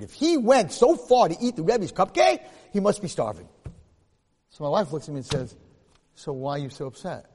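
A man, a rabbi and teacher, telling a personal story in a lecture, animated and rising to loud excited bursts. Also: fairly high pitch, breathy edge. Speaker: rabbi and teacher giving a talk. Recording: long hall reverb.

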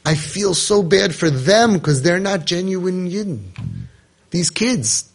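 A man with a high-sitting, lively voice speaks slowly, delivering an impassioned Torah talk on parenting and on judging others. As a parenting guide drawing on Torah teachings, he acts out imagined dialogue and raises his voice.

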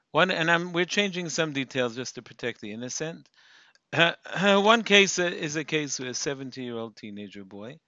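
A man's voice: fairly high pitch, pushed and bright, no echo, lo-fi sound. A man giving a spoken Torah lecture, asking rhetorical questions and using Yiddish terms. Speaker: lecturer on Jewish topics.

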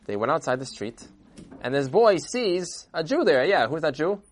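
Animated man telling a folk tale. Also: on the high side, normal speed, a little hiss or hum. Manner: lively, conversational, acts out voices. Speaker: storyteller. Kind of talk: animated oral storytelling.

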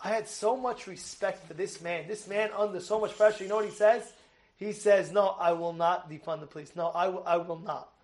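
A man giving an animated sermon as a rabbi, acting out shouts and quotes with many restarts. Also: high voice, fairly quick. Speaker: rabbi giving a weekly Torah talk.

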